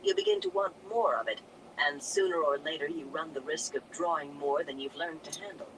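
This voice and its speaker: A reader doing a commanding older woman in a storybook reading, brisk and dryly cheerful, with a stern edge. Her pitch swings widely as she lectures. A steady vehicle hum and noise sit under the voice. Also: close to an everyday voice. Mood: lecturing.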